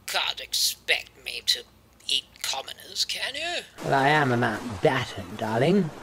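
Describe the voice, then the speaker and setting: A man's voice: mid-range voice, sing-song, unhurried, bright, forceful tone, slight background noise, full character voice. A man voicing a cantankerous, upper-class male Tyrannosaurus aristocrat in a comedy phone-call skit, with plummy, bantering speech. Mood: posh, teasing.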